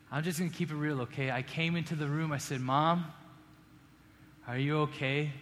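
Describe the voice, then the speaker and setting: A man preaching a sermon as pastor, earnest, rising to emphatic peaks and dropping to hushed appeals. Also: a little high, slight background noise. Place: church sanctuary. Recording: long hall reverb, faint room ambience.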